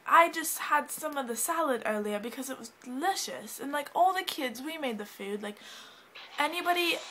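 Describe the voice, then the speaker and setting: In a high, pushed, bright voice, a teen girl vlogs casually to a friend with a fake British accent, giggling and wandering off topic. The low-quality recording carries a little hiss or hum and faint pop music.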